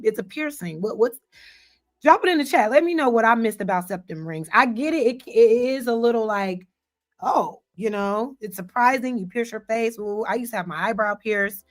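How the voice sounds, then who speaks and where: A woman hosting an online commentary show, reacting to a panel clip in an animated, emphatic way and speaking to her chat. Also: on the high side. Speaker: commentary host.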